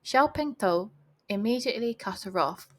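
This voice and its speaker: At home, a young woman reads a novel aloud into a home voice recording, breaking off for chatty, giggly remarks. Her voice is medium-pitched and expressive at a normal speed.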